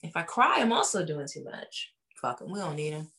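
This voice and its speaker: A woman's voice: sits low, a little fast. A woman co-hosting a casual chat, retelling a reality show with blunt, profane comments and acting out the people she quotes. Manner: animated storyteller who acts out the people she quotes. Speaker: podcast co-host.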